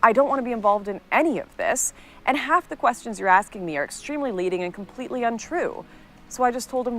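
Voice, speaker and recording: A woman's voice: on the high side, expressive, quick pace, fairly bright tone, soft background music. A woman earnestly narrating a personal story in a scripted, recounting way.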